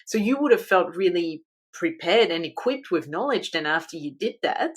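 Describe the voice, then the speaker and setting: A woman's voice: on the low side, expressive, normal speed, husky. A woman hosting a casual interview, summing up her guest's story and prompting with follow-up questions. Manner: warmly encouraging, sums up and prompts with follow-up questions. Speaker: podcast host.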